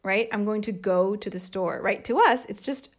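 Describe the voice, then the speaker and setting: An American woman in her thirties, a podcast co-host and mother, chatting casually and explaining with lively examples. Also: mid-range voice, moderate pace. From United States. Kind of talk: casual chat.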